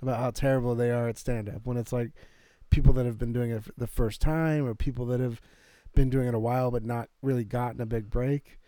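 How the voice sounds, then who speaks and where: A man co-hosting a podcast, chatting casually in a laid-back way, laughing often and clearing his throat. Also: mid-range voice, steady tone, brisk, mellow, no echo. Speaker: podcast co-host. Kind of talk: casual chat.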